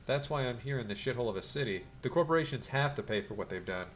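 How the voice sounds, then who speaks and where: A man's voice: medium pitch, animated, quick pace, fairly bright tone, a little hiss or hum, close to an everyday voice. A man voicing a wary shaman on the run, earnest and pleading.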